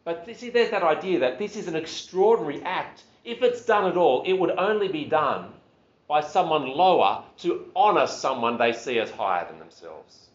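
Male preacher, casual lively delivery, dull roomy recording. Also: fairly high pitch, moderate pace. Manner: conversational, animated, with self-deprecating asides. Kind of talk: sermon.

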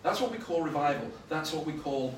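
Scottish preacher telling stories animatedly. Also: male voice, fairly high pitch, fairly quick. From Scotland. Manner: animated storytelling, bursts of loud emphasis. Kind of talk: sermon with anecdotes. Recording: roomy, from far off, faint noise.

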